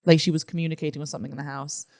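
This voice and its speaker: A woman's voice: deep voice, fairly even intonation, rapid-fire, darkish tone. A woman co-hosting a comedy podcast, chatting casually and often answering her partner with "mm-hmm". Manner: chatty, backs the other host with "mm-hmm". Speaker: podcast co-host. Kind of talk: casual chat.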